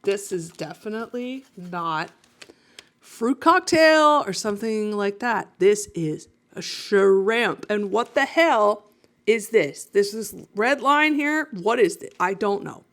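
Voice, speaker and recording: A woman's voice: mid-range voice, animated, slow, fairly bright tone. A woman painter talking casually to viewers as she works, chatty and self-mocking, often laughing at herself.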